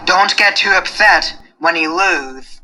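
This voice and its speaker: A man's voice: high voice, slow pace, sharp tone, exaggerated voice, low-quality recording. A man playing a friend who earnestly explains good sportsmanship in a school skit. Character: friend giving sportsmanship advice.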